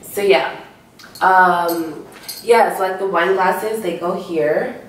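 A woman's voice: fairly low pitch, takes it slowly, a little hiss or hum. A young woman vlogging at home, gushing over gifts with lots of "like", her voice worn down by a cold. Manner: bubbly, gushing, lots of "like" and "so cute". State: sick, losing her voice. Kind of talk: casual chat to camera. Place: home room, indoors. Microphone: camera mic from a distance. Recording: echoey room, mic from far off.

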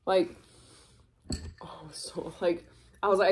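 A young woman vlogger telling a personal story in casual chat, candid and animated, swearing freely. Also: on the low side, a little fast.

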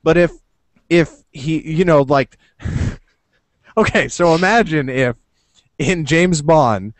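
A man hosting a casual podcast over a video call, excitable and swearing freely, now and then slipping into quick impressions. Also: a little high, no room sound. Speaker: podcast host. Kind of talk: casual chat. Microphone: computer over a video call.

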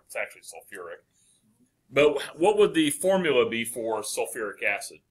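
A man teaching a chemistry lecture, asking the class questions and answering them with quick encouragement. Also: mid-range voice, very animated.

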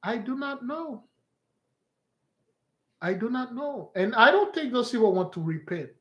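High-voiced man, slow and emphatic. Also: expressive, a bit bright, lo-fi sound. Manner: emphatic, repetitive, preachy. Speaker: online show host. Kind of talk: livestream commentary.

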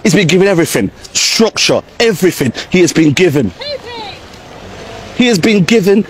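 A man's voice: high-pitched, big pitch swings, moderate pace, breathy edge. A man ranting outdoors as a football fan. He talks in exasperated bursts and uses a lot of slang. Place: outdoors in the rain.

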